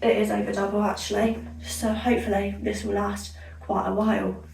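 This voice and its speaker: A woman's voice: mid-range voice, level tone, normal speed, vocal fry, darkish tone, far from the mic, a little hiss or hum. A young woman from England, chatting in a rambling, self-correcting way while she dyes her hair for a vlog. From Somerset, England. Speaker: vlogger. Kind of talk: casual hair-dye vlog chat. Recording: echoey room, off-mic.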